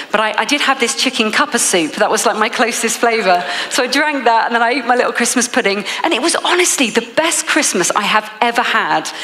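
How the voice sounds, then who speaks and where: An English woman from England gives a motivational keynote, telling a story that draws frequent laughs. Her voice is a little high and bright, with a forceful tone, and it sounds like a big room.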